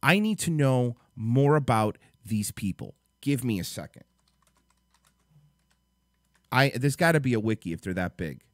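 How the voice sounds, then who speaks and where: A man hosting a live stream, reacting to videos in an angry, profane rant and reading web text aloud in a low mutter. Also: sing-song, measured pace, long pauses, no echo, clean studio sound. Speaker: livestream host.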